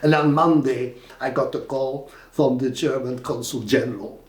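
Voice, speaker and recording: An older man with a Flemish Belgian accent telling animated anecdotes as an interviewee, with lots of fillers and restarts. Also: mid-range voice, moderate pace. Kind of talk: anecdotal storytelling. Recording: roomy echo.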